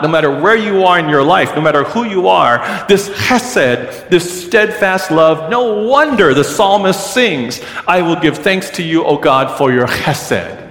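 A middle-aged male pastor with a fairly high, slightly bright voice preaches to his congregation in a large church sanctuary. Earnest and instructive, he has them repeat a word back, and the roomy space adds long reverb.

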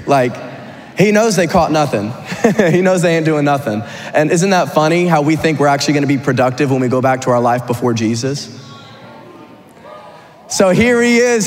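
A male preacher telling a story in a relaxed, animated, conversational way, slipping in light humor. His voice sits a little high. It rings out with a long reverb in a church hall. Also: moderate pace. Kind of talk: sermon storytelling.

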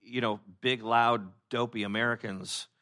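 A pastor preaching a conversational sermon, with many fillers and restarts, who acts out the people he quotes in lively voices. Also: medium pitch, a little slow.

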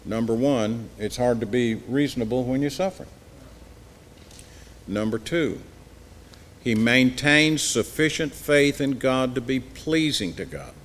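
A man's voice: medium pitch, animated, measured pace, a bit bright, big-room sound, a little hiss or hum. A man teaching an evening Bible class, reading scripture aloud with rising emphasis and then explaining it plainly.

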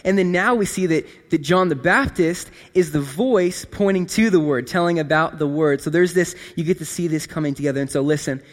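A man preaching a casual sermon in a conversational, animated way, often checking in with his listeners. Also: on the high side, brisk, few pauses. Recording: long hall reverb.

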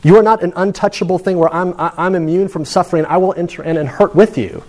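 Give me a male preacher talking to students in a relaxed storytelling sermon, voice on the higher side. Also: fast talker. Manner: conversational, storytelling.

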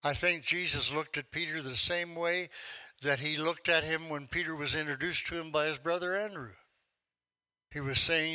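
Older male pastor, 70s, storytelling sermon voice, slightly high and very bright. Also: fairly even intonation, normal speed, poor audio. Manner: storytelling, acts out quotes with rising force.

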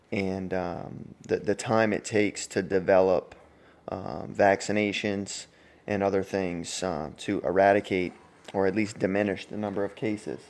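A man's voice: sits low, darkish tone. An American man co-hosting a podcast, talking in a loose, rambling way with many fillers. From United States. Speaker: podcast co-host. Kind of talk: casual podcast chat, reading sponsor ads.

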